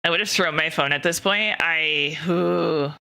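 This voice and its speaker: A woman streamer chats openly with her viewers in a loose, rambling way, full of fillers and casual swearing. Her voice is very bright and sharp-edged. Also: low voice, a little slow, gravelly, clear, resonant tone.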